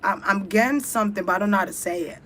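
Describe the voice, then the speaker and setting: A woman guides listeners through a spiritual ritual in a fervent voice, repeating short commands like a chant. Her pitch sits in a middle range. Faint noise hums under the recording. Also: fast talker. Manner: fervent, repetitive chant-like exhortation. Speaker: spiritual speaker.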